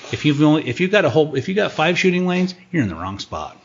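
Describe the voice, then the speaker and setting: A man talking casually as a guest hunting expert on a podcast, animated and fond of acting out what the animals would say. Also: on the high side, quick pace, highs cut off, slight background noise.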